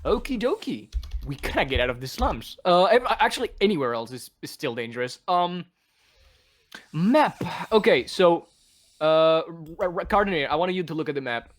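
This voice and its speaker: Excitable man with a bouncy, lively voice. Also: a little high, normal speed. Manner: excitable, laughs often. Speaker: player. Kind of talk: playing a tabletop game online.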